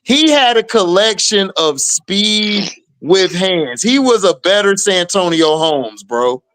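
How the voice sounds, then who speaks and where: A man hosting a casual sports talk show, animated and emphatic with lots of slang. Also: sits high, slow, dry recording. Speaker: podcast host.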